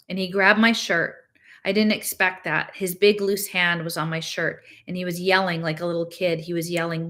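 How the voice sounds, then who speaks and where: A woman reading a novel aloud, narrating in the first person with a steady, plain delivery. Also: fairly low pitch, moderate pace. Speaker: reader.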